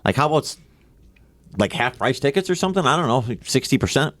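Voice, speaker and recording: A man's voice: mid-range voice, expressive, fast talker, a bit bright, a little hiss or hum. A man from co-hosting a casual sports podcast, arguing his points with rhetorical questions. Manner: argumentative, frequent "like" fillers, rhetorical questions. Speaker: podcast co-host.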